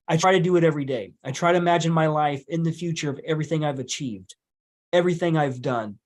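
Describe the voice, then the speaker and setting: A man with a somewhat high voice talks in a blunt, emphatic way. He swears freely and drives his points home in loose podcast conversation. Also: quick pace. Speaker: podcast guest, hypnotist. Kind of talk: casual conversation.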